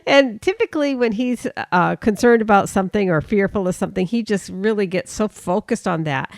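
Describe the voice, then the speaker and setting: A woman's voice: medium pitch, gravelly, no echo, studio quality. A woman co-hosting a podcast, chatting casually and often laughing, with many fillers. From Florida. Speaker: podcast co-host.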